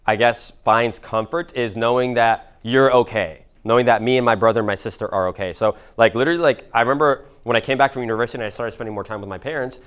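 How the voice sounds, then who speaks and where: A man in his twenties leads a live coaching Q&A at a fast clip. His talk is casual and profane, full of "like" and "you know." His pitch sits in the middle range. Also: fairly bright tone, clean tone. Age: 20s. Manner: casual, profane, fast-talking with lots of fillers; acts out others' voices in quoted dialogue. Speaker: business coach.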